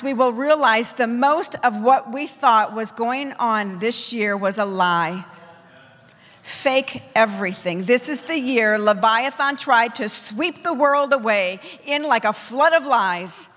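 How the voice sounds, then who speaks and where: Woman preaching a forceful sermon, echoing hall. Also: a little high, takes it slowly. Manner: forceful, declamatory exhortation with emphatic lists. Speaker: apostle preaching to her church.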